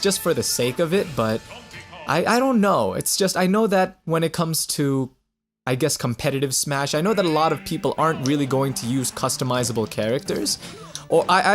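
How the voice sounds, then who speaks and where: A young man talks through a fighting game with a lively, bouncing voice that sits a little high. He rambles, stammers and corrects himself as he plays. Faint game music runs beneath his talk. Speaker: gaming channel host. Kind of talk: let's play commentary.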